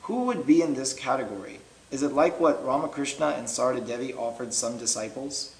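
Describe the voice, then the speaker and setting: A man moderating a class, reading out questions from participants in a plain, measured way. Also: mid-range voice, animated. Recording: echoey room with faint noise.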